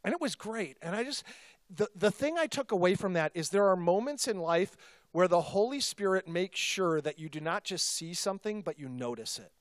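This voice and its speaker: High, clear-voiced pastor telling a story. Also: male voice, moderate pace, no echo, clean studio sound. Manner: conversational, self-deprecating, animated storytelling. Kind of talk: sermon storytelling.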